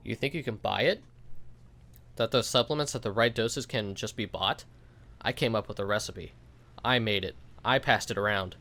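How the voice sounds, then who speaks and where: A man's voice: lowish voice, moderate pace, sharp tone. A man reading a manipulative teenage boy. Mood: angry. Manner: soothing then bitter, controlling. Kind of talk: reading game dialogue aloud.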